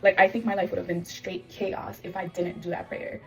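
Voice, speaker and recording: A young woman telling her faith testimony in a casual vlog, animated and full of quoted voices. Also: on the low side, normal speed, recorded from a distance, low-quality recording. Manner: animated storytelling, quoting God and others in lively voices. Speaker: vlogger sharing testimony.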